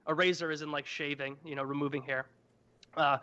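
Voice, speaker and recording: A man's voice: fairly high pitch, steady tone, fast, pushed and bright. A young man co-hosting a podcast, retelling a story in an irreverent, profane, joking manner. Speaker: podcast co-host. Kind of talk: casual comedic storytelling. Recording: dull lo-fi podcast audio.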